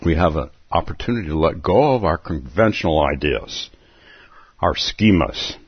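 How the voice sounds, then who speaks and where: A man's voice: rumbling low, lively intonation, normal speed, breathy edge, muffled recording. A man giving a reflective Zen dharma talk, musing aloud and chuckling between thoughts. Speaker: Zen teacher.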